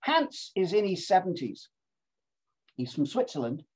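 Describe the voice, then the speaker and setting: A man's voice: high voice, big pitch swings, measured pace, a little mellow, husky. A man tells cheerful, self-mocking stories from a long cycling pilgrimage in a chatty, playful way. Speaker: speaker presenting his cycling pilgrimage. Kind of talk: casual storytelling talk with travel video clips.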